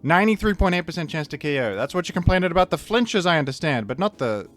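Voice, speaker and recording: A man's voice: a little high, big pitch swings, fast talker, soft background music. A man giving casual, rambling gameplay commentary as a video creator, chatting to viewers and often correcting himself mid-sentence.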